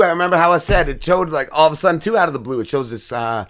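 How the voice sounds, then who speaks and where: A man co-hosting a podcast, excitedly retelling a TV episode in casual, profane, rambling chat. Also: on the high side, rapid-fire. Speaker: podcast co-host.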